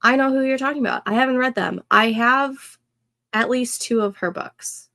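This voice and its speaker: A young woman hosting a casual co-working livestream, thinking aloud and reading chat comments in a soft, soothing voice. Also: fairly high pitch, moderate pace, dry recording. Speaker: livestream host.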